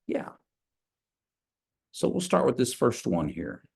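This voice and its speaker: A man teaching a beginners' language class from an office over a video call, patient and slow when repeating phrases. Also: mid-range voice, very animated, creaky, a little mellow.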